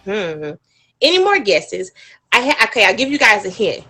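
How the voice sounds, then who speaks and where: A woman's voice: a little high, sing-song, moderate pace, a bit bright, slightly rough. A woman wedding planner hosting a live stream, chatting with viewers in a bubbly way and laughing often.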